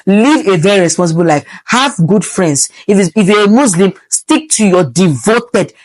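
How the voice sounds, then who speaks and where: Young nigerian woman lecturing her viewers, animated and preachy, dry close sound. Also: medium pitch, moderate pace, dry recording. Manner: preachy and animated, slipping into pidgin asides. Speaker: medical student vlogger. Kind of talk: casual advice vlog.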